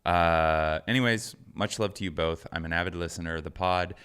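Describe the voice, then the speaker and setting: Deep, bright-voiced deadpan man. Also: moderate pace, clear, resonant tone. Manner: deadpan and teasing, reads listener emails aloud. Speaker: podcast co-host. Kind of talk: casual comedic chat.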